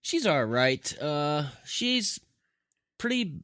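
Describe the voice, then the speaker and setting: In a relaxed podcast chat, this co-host spins stories and performs dialogues with his cat, very animated and drawing out his words. His somewhat high voice has a fairly bright tone, captured dry in studio quality.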